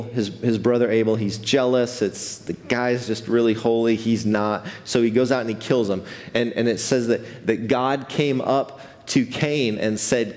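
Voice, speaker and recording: Man preaching, loose and animated, restarts a lot, big reverb from the church hall. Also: mid-range voice, measured pace. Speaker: pastor. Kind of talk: sermon. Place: church sanctuary.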